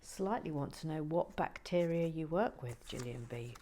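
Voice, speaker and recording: A woman hosting a relaxing building video, talking softly with dry teasing humour, often close to a whisper, on a close mic. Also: low-pitched, lively intonation, moderate pace. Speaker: host.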